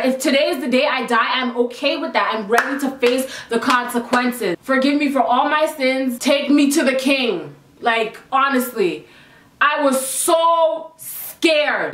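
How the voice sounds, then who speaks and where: A young woman from Canada telling a frightening personal story to camera as a casual vlog, animated and breathless. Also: high-pitched, distant mic. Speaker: vlogger. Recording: roomy sound, voice a little off-mic.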